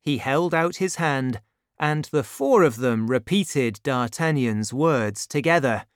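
A narrator reading a storybook aloud in a clear, even storytelling manner. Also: mid-range voice, takes it slowly, no echo, clean studio sound.

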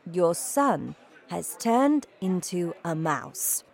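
A woman doing a calm quiet grandmother. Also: on the low side, very slow, gravelly, exaggerated voice.

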